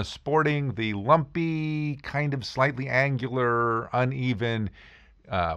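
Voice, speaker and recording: A medium-pitched man hosting a podcast shares a humorous story about himself, lively and casual, putting on voices for the characters. No room sound can be heard.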